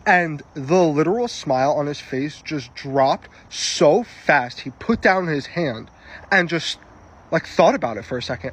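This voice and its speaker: A man telling an excited, boastful story to his followers. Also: on the high side, unhurried, slightly rough. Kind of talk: storytime video.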